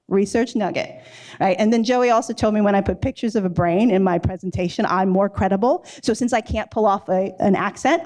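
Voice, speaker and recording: A woman from New York giving a lively, conversational storytelling talk as a company CEO at a live event. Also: medium pitch. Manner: lively, chatty, acts out dialogue with "I'm like". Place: live event in a loft space.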